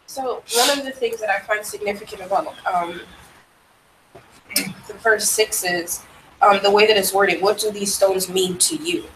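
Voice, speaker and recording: A woman's voice: medium pitch, fairly even intonation, background noise. Thoughtful woman commenting in class. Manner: thoughtful, measured, with fillers. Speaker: class member. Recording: roomy room, faint ambience.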